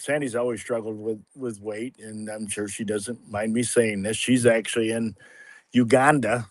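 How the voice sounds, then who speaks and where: Man, sixties, rambling testimony, halting restarts, dry close sound. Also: medium pitch, darkish tone, dry recording. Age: 60s. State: a little emotional at times. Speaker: guest sharing a testimony. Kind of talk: casual spoken testimony on a livestream.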